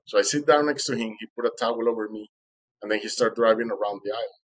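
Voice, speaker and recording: Husky-voiced male guest, heartfelt storyteller, acts out the quotes. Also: lowish voice, fast, low-quality recording. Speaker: interview guest. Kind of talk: emotional first-person storytelling.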